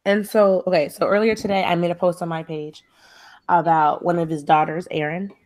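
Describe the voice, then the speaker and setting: A woman's voice: on the low side, fairly even intonation, a little fast, a little mellow. A young woman co-hosting a casual talk show, retelling a story in a chatty way with lots of fillers. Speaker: podcast co-host. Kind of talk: casual chat.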